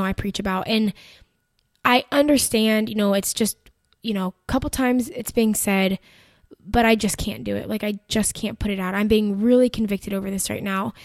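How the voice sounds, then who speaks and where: A woman telling a personal faith story in a chatty, animated way, full of "like" and "you know". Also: mid-range voice, dry recording, studio quality. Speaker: Christian content creator. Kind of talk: casual faith-based storytelling.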